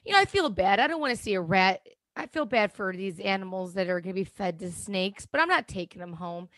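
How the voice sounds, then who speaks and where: A middle-aged woman chatting on a podcast, blunt and loose with swear words. Her voice sits at an ordinary pitch and is recorded dry and close, with no room sound. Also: expressive, a little fast, fairly bright tone, no echo. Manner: blunt, swears freely, exclamatory. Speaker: podcast co-host. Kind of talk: casual chat.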